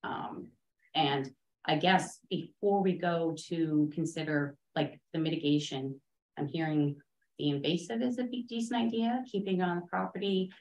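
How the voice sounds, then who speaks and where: A woman consultant speaking at a town board meeting, measured and technical, hedging her points. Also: low-pitched, steady tone, a little mellow, dull audio. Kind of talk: public meeting discussion. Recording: echoey meeting room.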